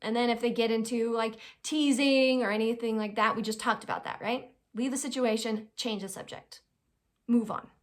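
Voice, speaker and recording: Woman, fairly high voice, informal advice lesson, conversational, keeps checking in with the listener. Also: normal speed. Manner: acts out quoted people in lively little voices. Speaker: advice host. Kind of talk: informal life-skills lesson.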